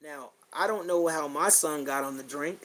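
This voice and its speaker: A middle-aged man with a fairly high-pitched voice talks bluntly into his podcast mic. He swears freely and circles back on his own phrases as his feeling rises and falls. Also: moderate pace, fairly bright tone, rough recording. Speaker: podcast host. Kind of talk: blunt personal monologue.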